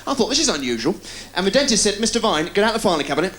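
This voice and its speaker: A man doing stand-up, firing off deadpan one-liners and puns. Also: high-pitched. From England. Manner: rapid-fire deadpan puns with quick delivery. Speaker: stand-up comedian. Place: live TV studio with a laughing audience. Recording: loud crowd laughter, noisy 1990s TV broadcast.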